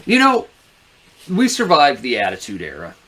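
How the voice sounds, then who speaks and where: A man's voice: mid-range voice, huge pitch swings, moderate pace, bright, forceful tone, a little hiss or hum. Blunt, opinionated male podcast co-host. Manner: opinionated, blunt, swears freely. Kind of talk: casual chat.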